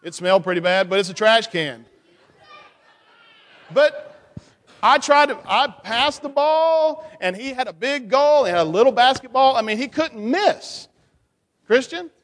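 A man leading a children's church session, playful and animated, teasing the kids with questions and cheering a young helper. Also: very high-pitched, measured pace, long pauses, in a large hall. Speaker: children's pastor.

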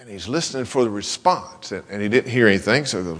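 A pastor preaches a sermon in a church sanctuary, including a told joke, speaking in a conversational, folksy way and often restarting his words. His fairly low voice is animated, fast, and a bit bright, sounding like a large hall.

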